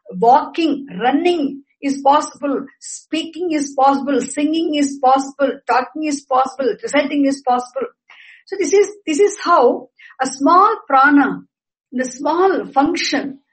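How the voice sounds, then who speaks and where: Slow, high-voiced woman teaching scripture. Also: low-quality recording. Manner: deliberate, repeats and explains terms. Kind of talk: lecture on Upanishad text.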